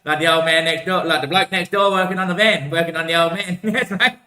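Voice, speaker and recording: A man's voice: high-pitched, quick pace, sharp tone. Rambling, foul-mouthed livestreamer, a man with a keen, cutting voice, laptop mic in a reverberant room. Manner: rambling, slangy, swears often, calls everyone mate. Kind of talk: casual rambling livestream chat. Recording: echoey room.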